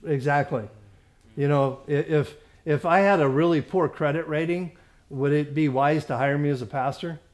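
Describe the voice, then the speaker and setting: A man teaching a Bible study as a pastor, halting with many fillers and restarts, stressing points emphatically. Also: on the high side.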